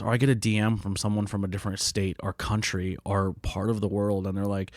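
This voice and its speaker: Podcast host, late 30s male, low voice, swears a lot, earnest and rambling, dry close mic. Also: flat delivery, fairly quick, few pauses, darkish tone, no echo. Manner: blunt, profane, heartfelt and rambling. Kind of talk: candid solo podcast monologue.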